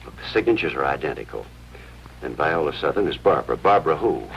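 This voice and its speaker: An actor playing an earnest, persistent hospital chaplain in an old radio drama. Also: male voice, a bass voice, animated, quick pace, creaky, noisy background, full character voice. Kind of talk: 1950s radio drama acting. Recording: dull lo-fi old radio recording.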